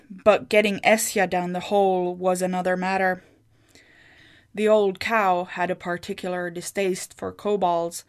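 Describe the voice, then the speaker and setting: A woman narrating a fantasy short story in a measured, scripted reading. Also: lowish voice.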